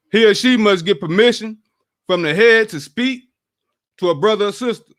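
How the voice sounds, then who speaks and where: Announcer for a church class, man with a high voice, quick list-like delivery. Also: a bit bright. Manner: brisk, list-like reading. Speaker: class member reading announcements.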